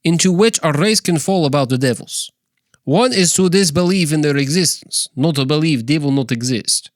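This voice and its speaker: A man putting on a comic Russian accent, reading a passage haltingly. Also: a little high, dry recording, studio quality, close to an everyday voice. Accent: put-on Russian. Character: heavy-accented Russian male reader.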